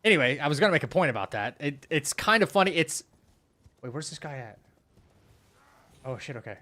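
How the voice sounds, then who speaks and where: Young male streamer, slightly high voice, rambling and laughing, mutters to the game. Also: animated, a little fast, pushed and bright. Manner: laughs often while telling stories. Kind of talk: casual live-stream chat.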